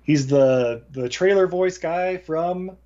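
Brief: male podcast host, joking and quick with film credits, slightly high voice, dull lo-fi audio. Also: warm tone. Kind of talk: casual movie chat. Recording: dull lo-fi sound.

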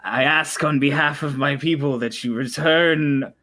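A man's voice: on the high side, measured pace, sharp tone, soft background music. A man voicing a grave fish-folk leader. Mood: formal. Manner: stiff, ceremonial speech.

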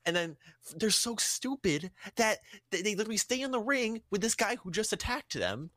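A young man co-hosting a podcast in casual chat, excitable and quick to laugh and joke. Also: high voice, dry recording, studio quality. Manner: excitable, laughs often, jumps in with jokes. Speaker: podcast co-host. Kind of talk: casual chat reviewing wrestling.

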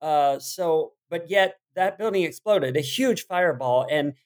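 A middle-aged actor chatting as a podcast guest, his man's voice sitting on the higher side. He tells stories with animation and breaks into easy laughter. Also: unhurried. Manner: animated storyteller, laughs easily. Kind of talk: casual interview chat.

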